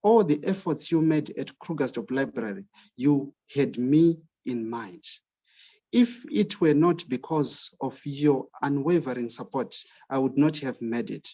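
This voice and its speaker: A man's voice: mid-range voice, unhurried, mellow, dull audio. A man giving a formal, earnest thank-you speech to librarians, with a few restarts. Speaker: guest speaker.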